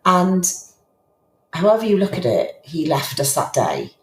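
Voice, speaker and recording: A woman's voice: on the low side, wildly swooping pitch, measured pace. A middle-aged woman, a podcast guest, telling personal stories in a candid, reflective way and often restarting her sentences. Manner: emotional, reflective, with frequent restarts. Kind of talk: candid conversational storytelling. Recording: roomy echo.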